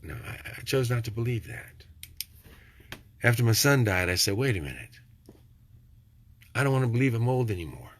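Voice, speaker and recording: An older man talks straight at the listener in a folksy, preachy monologue. His husky voice rises and falls a great deal, dropping low and soft and then jumping up loud. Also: animated, normal speed, long pauses. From Texas. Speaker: vlogger. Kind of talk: rambling motivational monologue.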